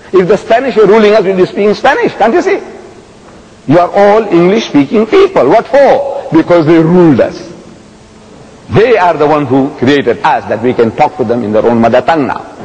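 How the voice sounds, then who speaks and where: Male public lecturer, husky and fairly high-pitched, emphatic and repetitive, recorded dull in a large echoing hall. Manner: animated storytelling, emphatic repetition, rhetorical questions. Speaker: Islamic lecturer.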